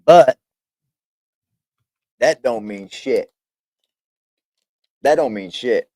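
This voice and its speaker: A man's voice: medium pitch, animated, very slow, no echo. Crude, whooping man reacting. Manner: crude, teasing, swings into loud whoops. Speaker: reaction channel host. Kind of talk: casual reaction commentary.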